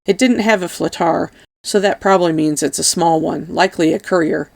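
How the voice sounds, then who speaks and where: Woman reading as gruff mercenary captain Doc. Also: on the low side, brisk, darkish tone, dry recording. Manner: blunt, commanding.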